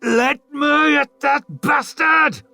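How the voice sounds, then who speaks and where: Bloodthirsty young warlord, screaming, snarling, high strained voice, dry sound. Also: male voice, slow, vocal fry, no room sound, faint music behind, heavily acted. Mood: battle rage. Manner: shouting, snarling. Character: raging young male warrior chieftain, bloodthirsty.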